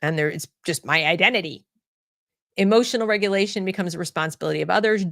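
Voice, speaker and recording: A woman's voice: on the low side, fast talker, vocal fry, fairly bright tone, no echo, clean studio sound. A woman hosting an opinion commentary show, talking bluntly, often repeating words and restarting her sentences. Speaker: host.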